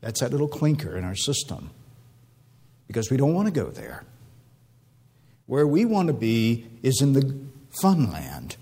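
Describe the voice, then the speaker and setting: A pastor with a husky voice preaches a sermon, building emotional appeals through repeated rhetorical questions. At times he drops into a low, hushed tone.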